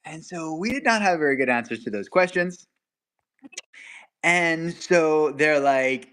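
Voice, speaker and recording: A young man telling a story in casual chat, animated, laughing as he goes and acting out quotes with sudden jumps in pitch. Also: measured pace, clear, resonant tone.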